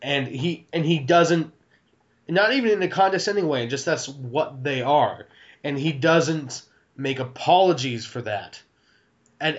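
A man's voice: a little high, lo-fi sound. A man co-hosting a podcast, talking casually about films, rambling with lots of restarts and the odd curse word. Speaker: podcast co-host. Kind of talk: casual film discussion.

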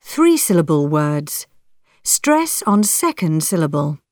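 A woman announcing track numbers and section headings on a coursebook audio recording in a plain, measured way. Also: deep voice, sing-song, a little mellow, no echo, studio quality.

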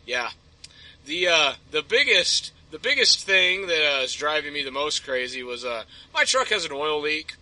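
A man's voice: on the high side, sing-song, moderate pace, pushed and bright, dry recording, rough recording. A man telling a story as a podcast guest, ranting and rambling with plenty of swearing. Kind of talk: casual chat, storytelling.

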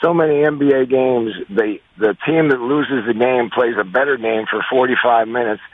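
A man calling in as a guest coach on a sports radio show, answering slowly with many restarts. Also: mid-range voice, no echo. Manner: hesitant, many restarts, measured. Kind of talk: sports radio phone interview. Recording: tinny phone line.

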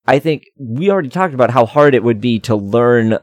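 A man's voice: mid-range voice, animated, brisk, no echo. A man co-hosting a casual podcast chat, rambling with many fillers and restarts. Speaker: podcast co-host.

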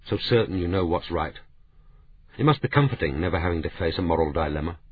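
A man's voice: deep voice, animated, fast talker, slight background noise. A man voicing a bitter, defensive young male detective in a weary, pained tone. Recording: narrow, phone-like audiobook sound.

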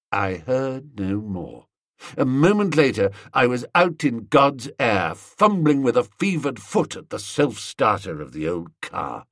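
A man reading a comic novel aloud in wry, lively first-person storytelling. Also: medium pitch, no echo, clean studio sound. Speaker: audiobook narrator. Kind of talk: scripted comic narration.

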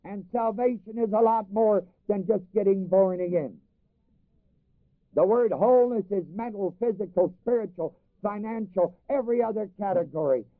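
At normal speed and with no echo, a high male voice delivers a sermon over a dry, phone-like line. He reads scripture in old-fashioned King James wording, explains it to the congregation, repeats phrases for emphasis, and has them finish his lines.

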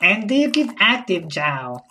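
A woman's voice: medium pitch, sing-song, measured pace, sharp tone, slight background noise, rough recording. Eager woman talking in buzzwords. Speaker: sketch actor playing a corporate-speak wife. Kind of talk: comedy sketch acting.

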